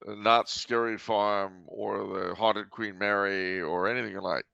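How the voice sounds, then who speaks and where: A man's voice: on the low side, steady tone, slow, creaky, pushed and bright, smooth, no echo, muffled recording. A man hosting a casual podcast chat, talking in a dry, teasing way and breaking into sung jokes. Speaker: podcast host.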